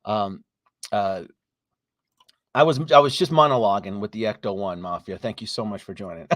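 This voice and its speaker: A man's voice: on the low side, expressive, moderate pace, a bit bright, no echo. A man hosting a casual live stream, chatting with viewers, greeting them by name, laughing often and trailing off into restarts.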